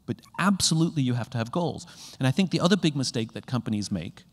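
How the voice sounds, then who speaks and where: A man delivers a motivational keynote to a live audience in a conference hall, his voice sitting at an everyday middle pitch. He talks in an animated way, acting out little exchanges with sudden high leaps in his voice. The sound carries a long hall reverb. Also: fast. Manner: animated, acts out conversations with sudden jumps in pitch. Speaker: keynote speaker.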